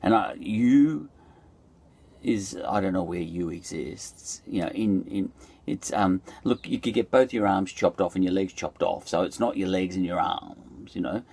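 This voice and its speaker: A man's voice: low-pitched, animated, measured pace, darkish tone, breathy edge. A middle-aged Australian man musing aloud in a loose, digressive monologue, full of fillers and restarts. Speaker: podcast host. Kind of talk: rambling reflective monologue.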